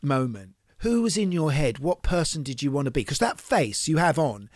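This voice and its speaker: Lively, animated male co-host. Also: fairly high pitch, moderate pace, no echo, studio quality. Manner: enthusiastic interjections and questions. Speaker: podcast co-host. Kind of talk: casual interview chat.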